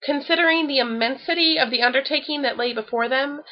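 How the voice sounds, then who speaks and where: A woman reading a children's story aloud with expressive storytelling. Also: high-pitched, fast talker, lo-fi sound. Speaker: storybook reader.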